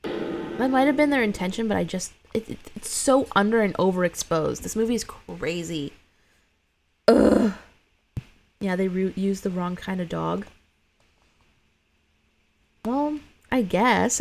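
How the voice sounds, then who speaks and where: A woman live-streams her reactions to a horror film, commenting casually, bluntly, and expressively while groaning and cursing freely. Her voice is medium-pitched and creaky, and she talks a little slowly with long pauses.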